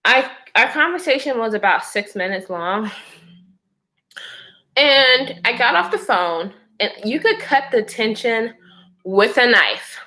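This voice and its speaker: A pregnant woman chatting to her viewers, telling a personal story in a lively, expressive way. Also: a little high, takes it slowly. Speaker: vlogger. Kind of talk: casual storytime chat.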